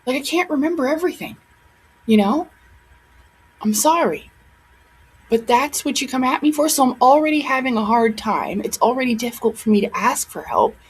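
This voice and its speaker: A woman's voice: a little high, lively intonation, moderate pace, breathy edge, low-quality recording. A young woman talking casually to her camera at home, rambling and emotional, with many fillers and restarts. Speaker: vlogger.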